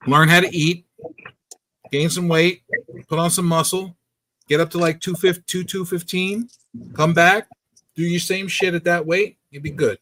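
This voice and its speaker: A man's voice: high voice, steady tone, moderate pace, long pauses, sharp tone. A man co-hosting a casual wrestling review podcast, talking bluntly and with a lot of swearing. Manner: blunt, profane, dismissive. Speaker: podcast co-host.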